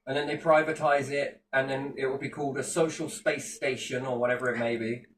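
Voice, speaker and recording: A man's voice: mid-range voice, steady tone, fairly quick, fairly bright tone, slight background noise. Ranting British man in an echoey room. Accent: British English. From Britain. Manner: passionate ranting with swearing. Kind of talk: casual chat. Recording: echoey room, distant mic, faint ambience.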